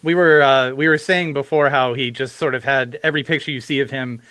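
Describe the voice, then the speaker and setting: A man hosting a live podcast, asking questions in a conversational, animated way with frequent restarts. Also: mid-range voice, a little fast, clear, resonant tone, no room sound. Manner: animated, stumbling over restarts. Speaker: podcast host. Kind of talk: conversational interviewing.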